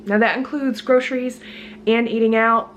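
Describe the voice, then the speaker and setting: A woman's voice: on the high side, steady tone, normal speed, a little hiss or hum. A woman with a congested voice, chatty and laughing often, filming a casual grocery haul vlog at home. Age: adult student with a job. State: sick, congested voice. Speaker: vlogger. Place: at home, kitchen.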